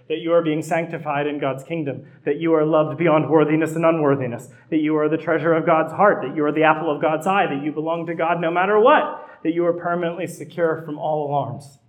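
A middle-aged man, a pastor, preaching a sermon in a conversational way that builds to emphatic repetition. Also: a little high.

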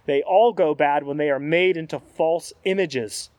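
A man reading aloud as the calm spirit of a redeemed man, patient and earnest. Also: fairly high pitch, unhurried, no room sound, natural voice. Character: calm redeemed man's spirit, gently correcting. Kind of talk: read-aloud scene in a sermon.

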